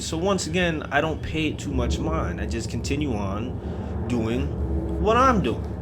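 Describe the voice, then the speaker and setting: A man's voice: medium pitch, background noise. A man telling a first-person scary story in a casual, profane, street-style way. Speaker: horror story narrator. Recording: music bed under voice.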